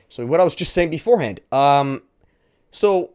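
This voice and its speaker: A man's voice: a little high, lively intonation, normal speed, a little mellow, clean tone. A man hosting a Q&A video, talking bluntly and emphatically with fillers and restarts. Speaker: host. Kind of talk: casual preachy Q&A talk.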